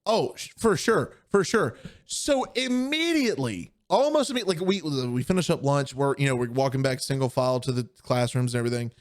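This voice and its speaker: Young male podcast co-host, casual animated storyteller, lively swooping pitch. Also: brisk, hardly any pauses. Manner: animated storyteller acting out quoted voices.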